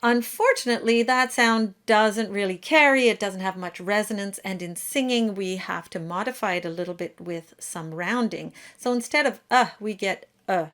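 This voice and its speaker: A woman giving a pronunciation lesson for singers, demonstrating each sound slowly and precisely. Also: medium pitch, fairly bright tone. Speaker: diction teacher. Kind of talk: pronunciation tutorial.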